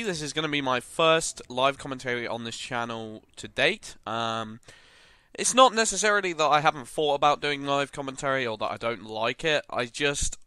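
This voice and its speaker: A man's voice: mid-range voice, bright, forceful tone, clear, resonant tone, no room sound. A man hosting live gameplay commentary, thoughtful and rambling, with frequent fillers and self-corrections. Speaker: gaming channel host.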